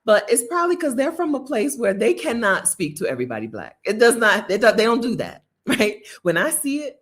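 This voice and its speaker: An American woman talks casually to her viewers about her travels. She is chatty and laughs often, and her pitch leaps and dips in a lively way as she tells her stories. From United States. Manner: chatty, laughing, animated storytelling. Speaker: travel vlogger. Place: Bogota.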